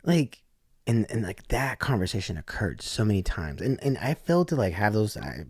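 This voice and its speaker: A low-voiced man tells a story on a podcast, blunt and unfiltered, swearing freely and filling his sentences with "like". The sound is very dry and close, with no room echo. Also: very animated, moderate pace, darkish tone, husky. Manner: blunt, profane, heavy use of "like". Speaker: podcast guest. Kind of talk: casual storytelling.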